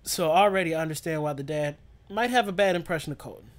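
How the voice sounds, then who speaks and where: A man riffs on a TV show with a friend, his voice sitting somewhat high. He is wry and opinionated, tossing out jokes in an offhand way. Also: fast talker. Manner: wry, opinionated joking commentary. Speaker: co-host of a watch-along. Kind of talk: casual chat over a TV show.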